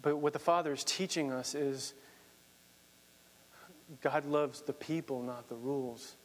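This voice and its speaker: A man's voice: fairly high pitch, steady tone, measured pace, big-room sound. A man preaching a sermon, earnest, reading scripture aloud and explaining it. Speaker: pastor.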